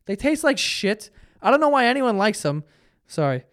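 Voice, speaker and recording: A man's voice: high voice, sing-song, moderate pace, a bit bright, clear, resonant tone, no room sound, clean studio sound. A tired young man hosting a solo podcast, telling stories in a rambling, profane, self-interrupting way. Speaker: podcast host. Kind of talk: solo casual podcast monologue.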